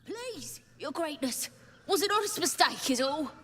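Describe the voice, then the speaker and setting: A small, servile goblin from a video game, groveling and pleading. The voice is high and sharp, and it leaps about in pitch as it begs. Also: female voice, very animated, a little slow, slight background noise, exaggerated voice.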